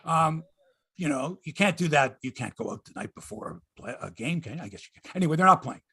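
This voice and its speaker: A middle-aged man hosting a sports podcast in casual chat, excitable and jumping between topics. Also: a little high, fast talker, creaky, slightly rough, no echo, studio quality. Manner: excitable, jumps between topics, chuckles and trails off.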